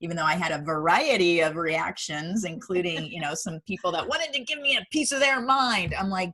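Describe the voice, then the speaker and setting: A woman's voice: lowish voice, lively intonation, fairly quick, hardly any pauses, pushed and bright. A middle-aged woman co-hosting a casual talk show, speaking in a reflective, agreeable way. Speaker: podcast co-host. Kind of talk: casual chat.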